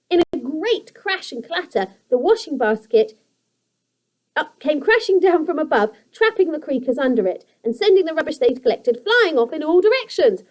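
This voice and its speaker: A young woman teacher reads a children's chapter book aloud to her class in a low-quality recording. Her voice is slightly high, and she keeps an even, expressive storytelling pace.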